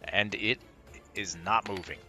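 A man with a very bright, sharp voice runs a tabletop game as game master. He narrates each attack in vivid detail and reasons through distances out loud. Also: on the low side, measured pace, faint music behind. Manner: descriptive, works out distances aloud.

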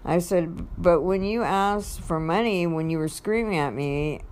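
Low-voiced woman telling a personal story. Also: measured pace, darkish tone. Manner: rambling, reads out text messages, frequent fillers. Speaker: vlogger.

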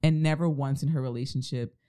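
A man speaking in a very dark, mellow voice at an ordinary middle pitch, earnest and advising in casual podcast conversation. He lays out his points steadily and warmly stresses what listeners should do. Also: fairly even intonation, a little fast, smooth.

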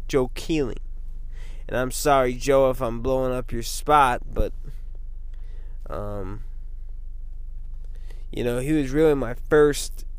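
A man speaks in an unhurried, rambling monologue, keeping his voice at an ordinary pitch. He meanders from point to point and peppers his talk with fillers and casual asides. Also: smooth. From American Midwest.

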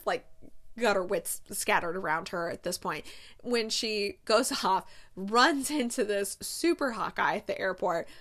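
A woman in her thirties recapping a movie in a chatty, casual way. She fills her speech with filler words and slips into quick quoted lines. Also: medium pitch, fairly bright tone. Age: 30s. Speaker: movie reviewer.

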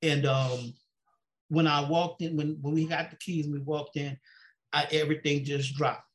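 Here a man with a fairly high pitch talks at a moderate pace in a level tone. As a pastor and guest in a sit-down interview, he offers personal testimony, repeating "she said" and acting out the dialogue.

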